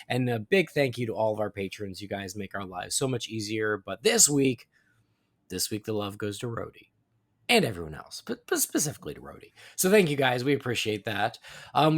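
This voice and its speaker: A man hosts a casual podcast with a lively, swinging delivery, his pitch rising and falling freely. He moves from reading plugs to easygoing chatter with his co-host. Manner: chatty, animated, reads plugs then banters.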